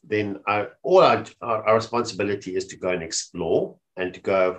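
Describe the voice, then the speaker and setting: A man's voice: lowish voice, expressive, normal speed, few pauses, fairly bright tone. A man presenting a casual webinar on mental health, often checking in with his listeners by asking "okay?". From South Africa. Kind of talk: informal talk on mental health. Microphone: webinar microphone.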